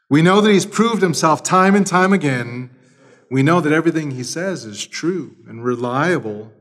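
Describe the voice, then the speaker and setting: A man preaching an expository sermon, speaking emphatically, swinging between loud and quiet, and repeating key phrases. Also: medium pitch, normal speed. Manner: emphatic preaching with lively shifts in loudness. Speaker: pastor.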